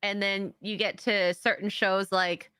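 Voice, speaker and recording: Bright giggly woman on a stream. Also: medium pitch, little pitch movement, measured pace, smooth, dry recording, studio quality. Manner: giggly, chatty, trails off mid-sentence. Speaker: stream co-host. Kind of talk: casual live-stream chat.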